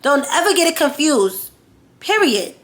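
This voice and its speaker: A woman's voice: sits high, very animated, unhurried. A woman vlogger telling a story-time tale in a blunt, profane, heated way.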